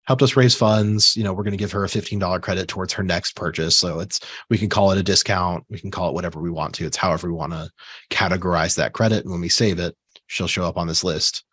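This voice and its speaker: Man, low voice, dry close sound, casual software training walkthrough, hiccups. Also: quick pace, breathy edge, no room sound. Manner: relaxed, conversational, with fillers and asides. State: has the hiccups. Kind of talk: screen-share software tutorial.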